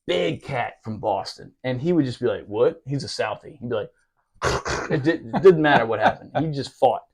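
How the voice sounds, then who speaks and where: Profane Marine vet telling stories. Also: male voice, mid-range voice. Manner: profane, laughing, animated. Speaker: podcast storyteller, former Marine. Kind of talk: casual storytelling.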